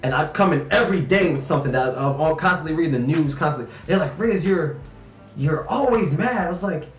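A man's voice: fairly high pitch, fast talker, echoey room, muffled recording, faint music behind. A man in his twenties from North Carolina, speaking candidly and emphatically in an interview, frustration and passion running through his words. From Raleigh, North Carolina. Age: 20s. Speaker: interviewee, student activist.

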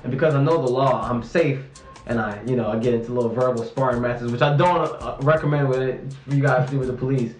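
A man's voice: medium pitch, fast talker, echoey room, soft background music, low-quality recording. A man in his twenties from North Carolina, speaking candidly and emphatically in an interview, frustration and passion running through his words. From Raleigh, North Carolina. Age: 20s. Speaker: interviewee, student activist.

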